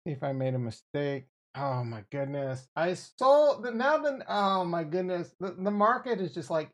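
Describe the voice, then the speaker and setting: Gravelly, excitable livestream man. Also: a little high, normal speed, hardly any pauses. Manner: excitable, profane, riffing with viewers. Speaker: livestream host. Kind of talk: casual livestream chat about trading.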